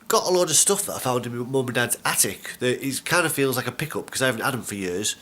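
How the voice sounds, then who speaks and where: A man's voice: mid-range voice, expressive, fast talker, hardly any pauses, fairly bright tone. A young man with a stuffy, slightly nasal voice from a cold, chatting casually and rambling to the camera at home. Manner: rambling, chatty, many fillers. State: congested, stuffy nose. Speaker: gaming vlogger.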